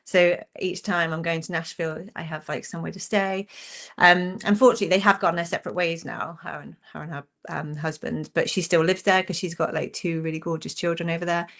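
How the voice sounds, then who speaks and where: A woman in her forties chats as a guest, her voice sitting a little low. She spins a long anecdote with lively, animated energy, in a casual, friendly way. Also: a little fast. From England. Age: 40s. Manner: chatty, animated storyteller. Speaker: country singer, guest. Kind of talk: casual chat.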